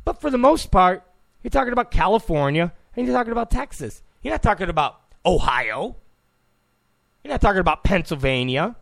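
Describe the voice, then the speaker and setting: A man's voice: sits high, big pitch swings, a little fast, gravelly, fairly bright tone. A man hosting a political talk show, giving an opinionated monologue, emphatic, repeating phrases and stammering on restarts.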